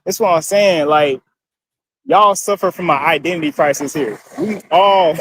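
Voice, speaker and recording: Male vlogger, profane casual rant, chuckles between points, somewhat raised pitch. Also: normal speed, a bit bright, a little hiss or hum. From Africa. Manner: blunt, profane, laughs through his points. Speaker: social media video maker.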